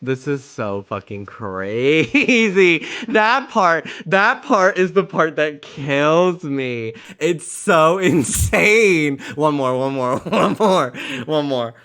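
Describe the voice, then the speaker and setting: A male game streamer chatting with his viewers, his pitch swinging wildly as he laughs his way through the talk. He speaks unhurriedly, with casual swearing between the laughs. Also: big pitch swings, slow, fairly bright tone, clear, resonant tone. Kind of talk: casual livestream chat.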